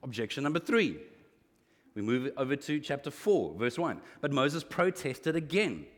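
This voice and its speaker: A man preaching a sermon as a pastor, animated, acting out quoted lines with a rising voice. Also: medium pitch, normal speed, in a large hall.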